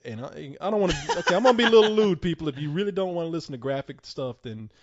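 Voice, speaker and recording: A man with a high, very lively voice tells a crude comic story between laughs. He sounds like a casual podcast host. The recording is dull and lo-fi. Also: rapid-fire, a little hiss or hum.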